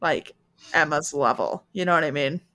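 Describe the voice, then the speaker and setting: A woman co-hosting a casual book discussion podcast, talking animatedly and acting out characters in quick voices. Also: deep voice, bright, forceful tone. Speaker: podcast co-host.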